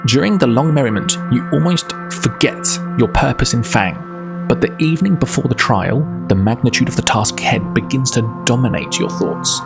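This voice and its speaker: A man's voice: mid-range voice, lively intonation, moderate pace, gravelly, over music. A man on a casual livestream who rambles, interrupts himself and laughs easily, then reads a book aloud.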